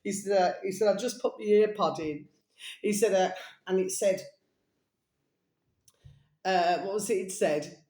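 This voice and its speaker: A woman's voice: mid-range voice, measured pace, pauses often, mellow. Rambling chatty woman, echoey room. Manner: rambling, chatty, calls listeners "my delicious babies". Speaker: vlogger. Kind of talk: casual rambling monologue.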